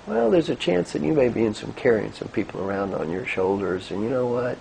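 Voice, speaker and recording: Speaking at a fairly low pitch, this older executive coach is fairly quick and creaky, with hardly any pauses. He delivers a motivational talk with a guided breathing exercise, mixing animated stories with gentle coaching. Slight background noise comes through the rough recording.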